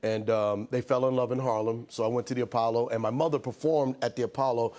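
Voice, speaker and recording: A man's voice: mid-range voice, fairly even intonation, fast talker, darkish tone. A man in his fifties, a comedian guest telling funny stories on a late-night talk show and acting out the people in them. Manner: acts out quoted voices, laughs through stories. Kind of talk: animated comic storytelling. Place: TV studio with live audience.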